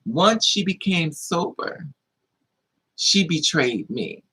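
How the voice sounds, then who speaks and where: A man's voice: a little high, animated, takes it slowly, sharp tone, breathy edge, low-quality recording. A man hosting a livestream tells a personal story to his viewers, casual, blunt and profane, with a lot of feeling in it. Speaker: livestream host.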